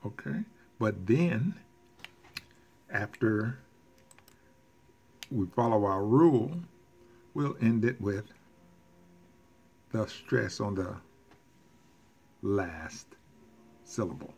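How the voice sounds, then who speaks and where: A man teaching a recorded language lesson, explaining rules deliberately with casual asides and self-corrections. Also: fairly low pitch, animated, creaky, darkish tone, breathy edge. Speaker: Spanish teacher.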